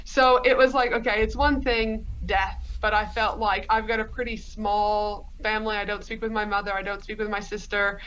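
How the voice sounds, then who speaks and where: Here the Australian woman's voice is medium-pitched and steady, fairly bright, at normal speed with few pauses; the highs are cut off and there's slight background noise. A business coach and podcast guest, she tells her story in a rambling, chatty interview, heavy on fillers.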